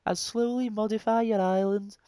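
A man reading game signs aloud in a put-on, hybrid Brummie and Liverpool accent, slow and theatrical. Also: high-pitched, fairly even intonation, mellow, clean tone, dry recording, pitched above the performer's own voice, lightly acted.

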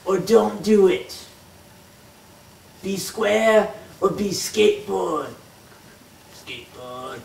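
A goofy, hyped host of a homemade comedy video who shouts catchphrases, recorded far from the camera in an echoey room. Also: medium pitch, steady tone, drawn-out words, vocal fry, long pauses, slight background noise.

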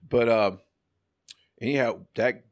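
A middle-aged man telling a story in a casual chat, animated and profane, acting out the people he quotes. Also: mid-range voice, slow pace. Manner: animated, swearing, acts out quotes in other voices. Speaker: podcast guest.

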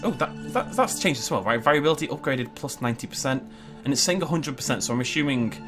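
A man giving chatty, excitable gameplay commentary and thinking aloud as he plays. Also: medium pitch. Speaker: gaming YouTuber.

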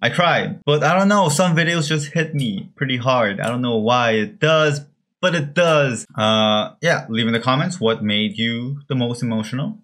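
A man's voice: mid-range voice, expressive, moderate pace, fairly bright tone. A young man from Korea, reacting on video with emotional exclamations and gasps. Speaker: YouTube reactor.

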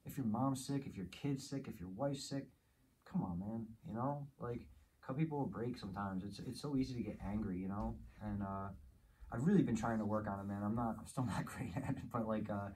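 A man's voice: on the low side, fairly quick, dark tone, slight background noise, poor audio. A man in his forties from New Jersey, a podcast guest speaking in candid, casual chat, frank and profane, flaring up when he vents. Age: 40s.

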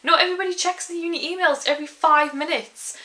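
A woman's voice: extremely high pitch, steady tone, fast, bright, forceful tone, rough recording. A young woman chatting casually in a vlog, ranting in an exasperated way and saying "like" often. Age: young adult. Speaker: vlogger.

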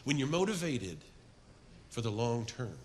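A middle-aged man preaching a sermon to a men's group, telling stories with energy and then dropping to a soft, earnest appeal. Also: mid-range voice, big pitch swings, a little slow, slight background noise. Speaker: men's ministry speaker.

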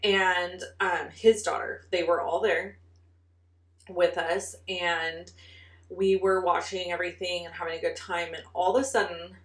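A woman telling a personal story in a casual, animated way, full of "like" fillers. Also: lowish voice, unhurried, reverberant, recorded from a distance. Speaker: card-making vlogger.

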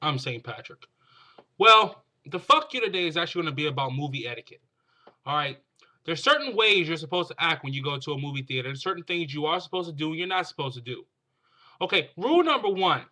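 A man delivering a comedic rant straight to camera, loaded with profanity and exasperation. His voice has a bright, sharp edge. He swings from grumbling asides to fed-up outbursts. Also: a little high, big pitch swings, fast talker. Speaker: host.

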